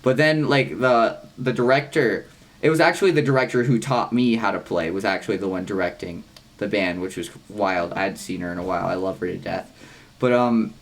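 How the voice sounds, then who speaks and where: Young dude podcast cohost, rambles n swears a lot, does voices for quotes. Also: male voice, fairly low pitch, brisk. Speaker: podcast co-host. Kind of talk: casual chat.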